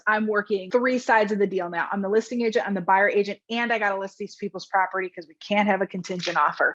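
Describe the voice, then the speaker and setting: A woman's voice: mid-range voice, fairly bright tone, dull audio. A woman in her thirties, a realtor and podcast guest, candidly telling her career story with lots of likes and ums.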